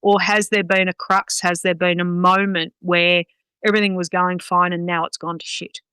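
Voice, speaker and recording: A woman's voice: fairly low pitch, level tone, normal speed, pushed and bright, smooth, no room sound, poor audio. A woman, a guest dog trainer talking bluntly and swearing freely in a casual podcast chat. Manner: blunt, sweary, talks with many "um"s.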